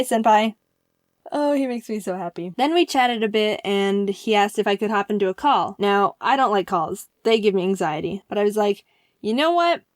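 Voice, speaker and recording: A young woman telling a comedic story as a YouTuber, excitable and quick to jump into high squeals. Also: no echo, clean studio sound. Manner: excitable, jumps into squealing highs.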